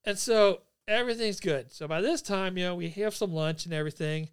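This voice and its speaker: Among old friends, a podcast host in his forties who served in the army tells a story casually, animated and swearing freely. His voice sits high and is clear and resonant, and he talks briskly.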